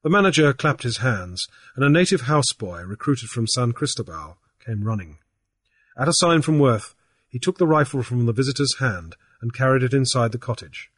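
A man reading a novel aloud in measured, even scripted narration. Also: medium pitch, husky, no echo. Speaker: audiobook narrator.

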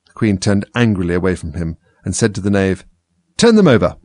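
A man narrating a storybook in an expressive, lively reading. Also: deep voice, a little fast, no room sound.

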